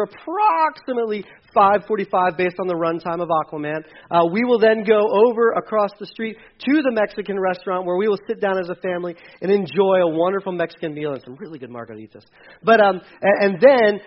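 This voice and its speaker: Middle-aged male pastor, high voice, humorous conversational sermon, muffled lo-fi sound. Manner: animated, conversational preaching with humor.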